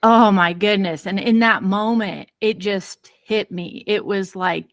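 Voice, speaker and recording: A woman parenting expert telling a personal story in an interview, lively and acting out quoted voices. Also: medium pitch, measured pace, few pauses, no room sound. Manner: many fillers and restarts.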